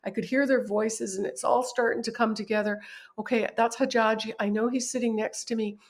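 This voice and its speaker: A woman guest on a podcast, telling a personal story in a vivid, animated way and often laughing at herself. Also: fairly high pitch, brisk. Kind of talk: personal storytelling in a conversational interview.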